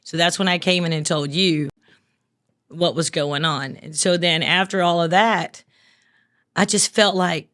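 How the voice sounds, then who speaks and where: A woman's voice: lowish voice, normal speed, fairly bright tone. A woman, a guest telling an emotional personal story in an earnest, plainspoken way with casual swearing. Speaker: guest, business owner.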